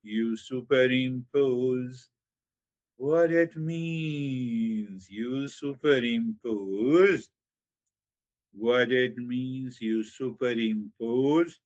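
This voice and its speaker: A man giving a spiritual talk on meditation, speaking slowly with drawn-out, repeated phrases and sudden emphatic rises. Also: mid-range voice, darkish tone, highs cut off. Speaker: meditation teacher.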